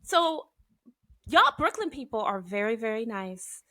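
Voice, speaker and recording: A bubbly woman with a Southern accent hosts a relaxed podcast chat, her voice bright and a touch high. She tells stories with lively acted-out quotes. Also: a little slow. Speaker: podcast host. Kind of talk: casual chat.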